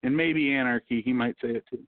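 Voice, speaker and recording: A man's voice: medium pitch, steady tone, a little fast. A man hosting a casual podcast, rambling and swearing constantly as he tells stories. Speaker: podcast host. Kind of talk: casual profane chat. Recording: tinny phone-like audio.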